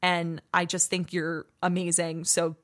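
A woman's voice: fairly low pitch, monotone, measured pace. A young woman co-hosting a podcast, telling a giddy story in casual chat and acting out what people said. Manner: giddy storytelling, acts out quoted speech. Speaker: podcast co-host.

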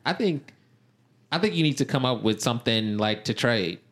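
A man's voice: mid-range voice, animated, moderate pace, fairly bright tone. A man co-hosting a podcast, teasing his friend dryly and reading out listener questions. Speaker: podcast co-host. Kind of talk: casual banter.

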